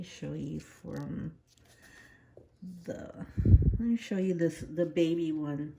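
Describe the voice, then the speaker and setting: Woman plant vlogger, slow, casual, slight retainer slur. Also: on the low side, darkish tone. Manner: heartfelt, rambling with restarts. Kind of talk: casual vlog talk.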